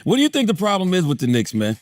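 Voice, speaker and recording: A man's voice: sits high, wildly swooping pitch, fast, dry recording. A man co-hosting a podcast, trading crude jokes and laughing often in casual banter. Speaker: podcast co-host.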